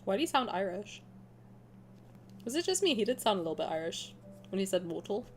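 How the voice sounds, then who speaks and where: Her pitch is medium and she talks a little fast, with a slight hiss or hum in the audio. She's a young woman streaming a story game, narrating aloud and reacting in a lively, chatty way, laughing often.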